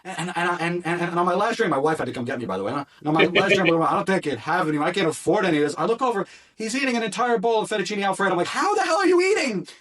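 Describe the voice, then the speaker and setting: A man who works as a wrestling ring announcer, a guest on an interview podcast, telling stories in a casual, animated way, acting out quotes and restarting often. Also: sits high, recorded from a distance. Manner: animated storytelling with quick restarts and acted-out quotes.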